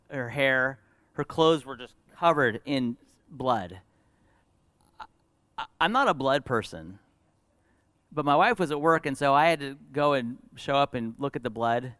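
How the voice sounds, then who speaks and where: A middle-aged man, a pastor preaching a sermon, telling a personal story in an earnest way that moves between lively and hushed. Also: medium pitch, clear, resonant tone, no room sound.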